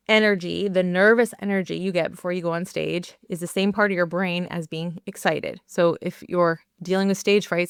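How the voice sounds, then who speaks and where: A woman's voice: on the low side, clean tone, dry recording, studio quality. A young adult woman hosting a solo podcast, telling a personal story in a candid, chatty way with lots of "like". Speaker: podcast host and performance coach.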